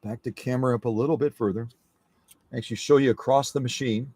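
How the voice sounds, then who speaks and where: A man's voice: mid-range voice, fairly even intonation, fast, darkish tone, breathy edge, no echo. A man hosting a live sewing machine demonstration, chatting with viewers in a folksy, instructive way.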